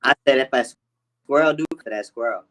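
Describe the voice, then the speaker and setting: A man with a mid-range voice co-hosts a live chat show, talking in a loose, unhurried way. He restarts his sentences often and uses easygoing grammar. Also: medium pitch. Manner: relaxed and halting, with loose casual grammar. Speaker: co-host. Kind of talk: casual chat.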